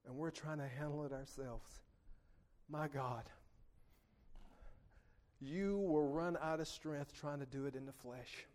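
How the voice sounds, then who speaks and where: High-voiced preacher man calling for amens. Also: steady tone, takes it slowly, long pauses. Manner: call-and-response, asks the congregation for amens; swings between soft, low asides and loud emphatic peaks. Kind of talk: sermon. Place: church sanctuary. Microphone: PA microphone.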